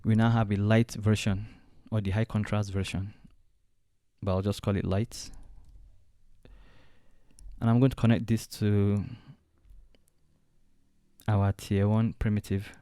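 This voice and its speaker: A man walking through a design software tutorial step by step, thinking aloud as he clicks along. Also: on the low side, level tone, measured pace, pauses often, clear, resonant tone, dry recording, studio quality. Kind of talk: screen-recorded software tutorial.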